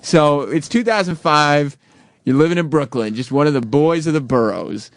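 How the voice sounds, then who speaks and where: A man's voice: fairly high pitch, animated, moderate pace. A man hosting a comedic radio show, teasing and laughing as he questions a guest. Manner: teasing, laughing, mock-interrogating.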